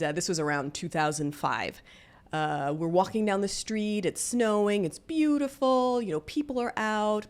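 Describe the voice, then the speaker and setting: A woman, candidly telling a personal story in a casual, conversational way. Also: deep voice. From Deep South, US. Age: 40s. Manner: candid, conversational, with many fillers. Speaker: vlogger.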